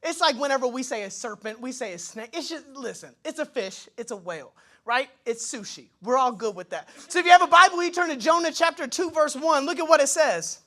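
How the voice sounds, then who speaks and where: A male pastor delivers a sermon from a church stage, his voice high and full of swooping pitch. He talks to the crowd casually, breaks into asides and acts out little dialogues in shifting voices. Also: expressive, a little fast, hardly any pauses, sharp tone. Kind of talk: energetic sermon.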